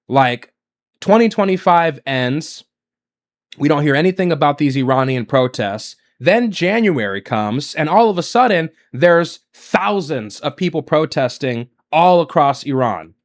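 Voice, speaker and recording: A man hosting a casual reaction commentary, sarcastic and mocking, jumping between loud jabs and low mutters. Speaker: political commentary streamer.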